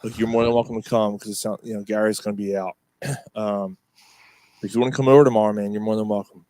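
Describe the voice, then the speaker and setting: A man's voice: lowish voice, steady tone, quick pace, warm tone, no echo. A man co-hosting a podcast, telling stories in a rambling way with lots of fillers and swearing. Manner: rambling storyteller, swears often, many fillers. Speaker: podcast co-host. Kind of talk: casual pub-style chat.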